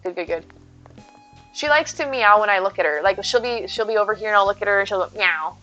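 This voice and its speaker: A woman's voice: medium pitch, fast talker, pushed and bright, lo-fi sound, faint music behind. A woman streamer chatting casually with her viewers while playing, talking sweetly about her cat. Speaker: live streamer. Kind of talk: casual live-stream chat while gaming.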